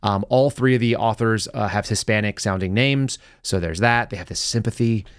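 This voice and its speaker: A man's voice: moderate pace, clean tone, no room sound. Sarcastic male commentary host, dry close mic. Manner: animated, sarcastic, swings from low mutter to raised outbursts. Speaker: podcast host. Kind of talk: live political commentary show.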